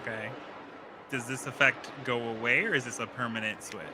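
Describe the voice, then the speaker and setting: Forceful-sounding man asking rules questions. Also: medium pitch, fairly even intonation, brisk, a little hiss or hum, low-quality recording. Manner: inquisitive, asks rules questions. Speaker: player. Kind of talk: casual chat at a tabletop game.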